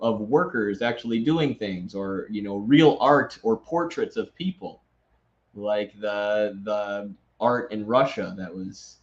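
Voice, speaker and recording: A man's voice: mid-range voice, dull audio. A man who hosts the show, reading an article aloud and breaking in with sarcastic, mocking asides. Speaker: host.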